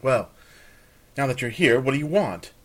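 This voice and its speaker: Brief: fiery, demanding young woman, clipped and sharp, voiced by a husky-voiced man. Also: mid-range voice, lively intonation, normal speed, pitched above the performer's own voice, close to an everyday voice. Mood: indignant.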